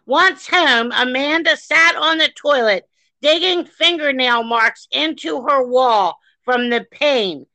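A woman co-hosting a podcast, ranting furiously with heavy swearing and shouts. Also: sits high, takes it slowly, no echo, rough recording. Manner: reads a news article aloud. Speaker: podcast co-host. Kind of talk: angry podcast discussion.

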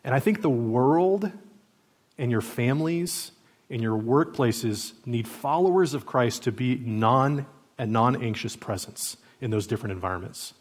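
A man in his thirties, a pastor preaching a sermon in a relaxed, conversational way, with stories from everyday family life. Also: mid-range voice, a little slow. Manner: conversational preaching with parenting anecdotes.

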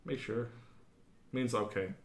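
Brief: an animated, chatty male podcast co-host, mid-pitched, with a roomy echo around him. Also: slow. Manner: enthusiastic, chatty, teasing. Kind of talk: casual chat.

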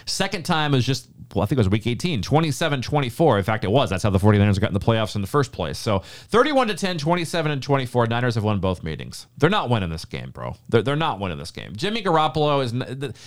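A man talking quickly, his pitch rising and falling a lot as he makes bold football predictions. He co-hosts a casual sports podcast and sounds sure of every pick. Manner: animated, confident predictions. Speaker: podcast co-host.

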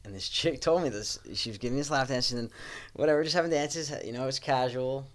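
A man's voice: medium pitch, fast. A man casually telling a rowdy story among friends, swearing freely and laughing as he goes. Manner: laid-back, profane, laughs through the telling.

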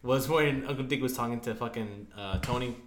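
A man's voice: medium pitch, fairly quick, a little hiss or hum. A man co-hosting a podcast, chatting casually with jokes, swearing and frequent laughter. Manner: joking, profane, laughs often. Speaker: podcast co-host. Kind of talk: casual chat. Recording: echoey room.

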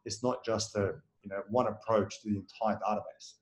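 A man's voice: on the low side, fairly even intonation, fairly quick, echoey room, low-quality recording. A man running a marketing agency, talking in a casual interview, rambling with fillers and restarts and tagging his points with "right?". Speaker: marketing agency owner, guest.

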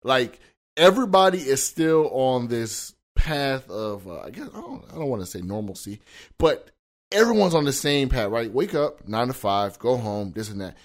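A male podcast host with a reflective, encouraging manner. He muses aloud, backs up his guest and asks follow-up questions at an ordinary pitch. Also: very animated, moderate pace. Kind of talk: casual interview.

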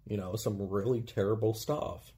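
A man's voice: on the low side, steady tone, moderate pace, warm tone. A man co-hosting a casual film discussion, laid-back and rambling with lots of fillers. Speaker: podcast co-host.

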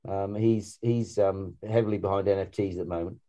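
A man's voice: deep voice, fairly even intonation, a little fast, dark tone. A man co-hosting a casual podcast, talking in rambling sentences full of restarts and fillers. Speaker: podcast co-host.

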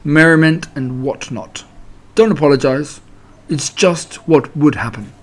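A glum old donkey from a storybook, played by a man, dragging out each bitter, sardonic word. His slow delivery drips with sarcasm. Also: fairly high pitch.

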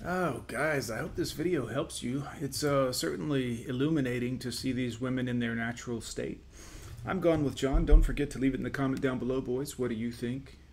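A man's voice: medium pitch, fairly quick, few pauses, darkish tone, slight background noise. Man, host, reaction commentary, lecturing, scornful, mid-range voice.

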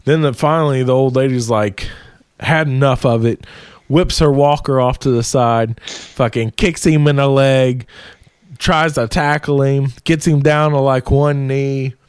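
A man's voice: mid-range voice, measured pace, clear, resonant tone, no room sound. Give me a man telling a story casually and profanely in a dry, close recording. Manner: profane, animated, laughs while telling.

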